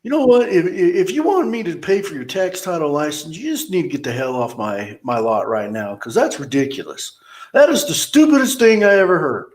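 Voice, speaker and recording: Man acting out a blustering car lot boss: pitched up, loud, contemptuous, roomy sound. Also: brisk, hardly any pauses, natural voice. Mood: scornful. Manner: loud, scornful, cussing. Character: blustering rude male car lot manager.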